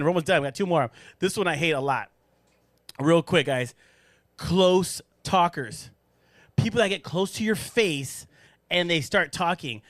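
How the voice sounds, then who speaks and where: A man hosting a casual podcast chat in a studio, animated and joking, laughing often. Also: on the high side, no room sound. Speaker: podcast host.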